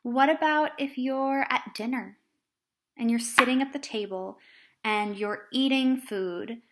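Woman teacher, lively and animated, talking to children, slightly high voice. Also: unhurried, slight background noise. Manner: animated, acts out examples in different voices. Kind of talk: explaining a lesson to children.

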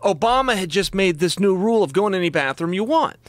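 Man, podcast guest, animated storyteller; high, lively, bright voice. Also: fast, dry recording. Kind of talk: casual chat.

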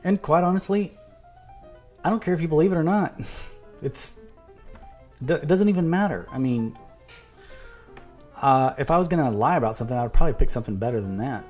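A man's voice: on the high side, lively intonation, fairly quick, pauses often, darkish tone, faint music behind. A man in an argumentative video monologue who reads quotes aloud, restarts words and turns sarcastic. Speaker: video commentator.

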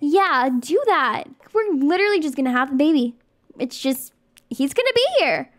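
Super high voiced girl gushing over her game, reads the text out, dry close sound. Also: normal speed, no echo. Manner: excitable, gushing, exclaims often. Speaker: let's play host. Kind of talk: casual gameplay commentary.

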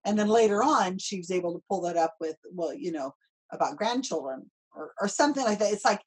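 Woman, host, chatty, breathy, mid pitch. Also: fairly quick, rough recording. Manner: chatty, animated storytelling. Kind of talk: casual conversation.

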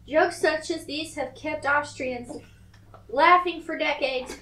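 A high-voiced woman reads snack notes aloud in a relaxed family taste test. She halts and restarts often. The room gives the voice a clear echo. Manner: reads aloud haltingly, stops to interrupt herself.

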